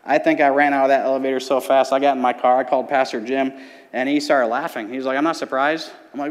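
A man's voice: mid-range voice, flat delivery, quick pace. A man in his thirties giving an earnest personal testimony in church, telling his story with quoted voices. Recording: hall reverb.

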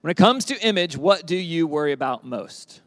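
A man teaching a summer youth group from the Bible, lively and conversational, asking the group questions and repeating their answers. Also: a little high, brisk, no echo. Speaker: youth pastor.

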